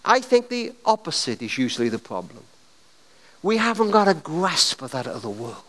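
A man preaching a sermon, telling stories in a dramatic, animated way. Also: high voice, normal speed, big-room sound. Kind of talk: sermon with storytelling.

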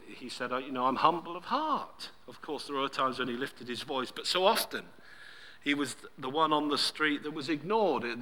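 A man preaching a sermon, swinging between loud emphasis and near-whispered softness. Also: a little high. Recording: long hall reverb.

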